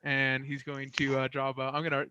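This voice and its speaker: A man's voice: mid-range voice, completely flat delivery, fairly quick, lo-fi sound, background noise. A man playing a tabletop game, cheerful and giggly as he declares his moves. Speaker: player.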